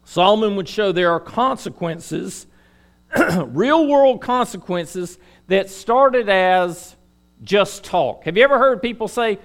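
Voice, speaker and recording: A male preacher with a high, bright voice that leaps up and down as he delivers a sermon. He speaks straight to the congregation, firing rhetorical questions and moving from loud emphasis to soft asides. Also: lively intonation, slow.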